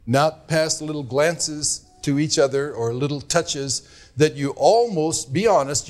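Earnest preacher man, slightly high voice. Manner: earnest, admonishing, drawn-out emphasis. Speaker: pastor. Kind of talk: sermon.

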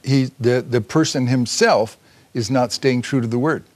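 A man's voice: mid-range voice, moderate pace, darkish tone. A man co-hosting a Bible discussion, adding his points earnestly and with emphasis. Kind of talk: conversational Bible teaching.

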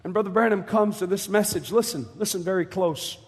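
High-voiced man preaching in a reverberant hall. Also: a little fast. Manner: impassioned, pleading, rising to shouts. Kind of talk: fiery sermon.

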